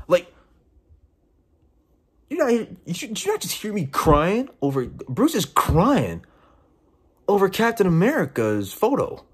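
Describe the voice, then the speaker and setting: A man's voice: high voice, very animated, unhurried, breathy edge. A young man giving casual game commentary, exasperated and profane, often incredulous. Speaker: game reviewer.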